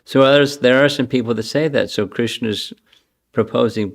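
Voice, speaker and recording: An older spiritual teacher gives a scripture class, chanting verses and then explaining them conversationally. He has a gravelly, medium-pitched voice and speaks at a moderate pace.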